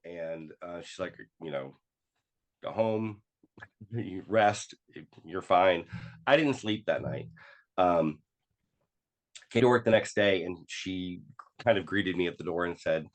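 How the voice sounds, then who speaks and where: A man talking as a podcast guest, telling a personal story with many fillers and restarts and acting out quoted dialogue. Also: on the low side.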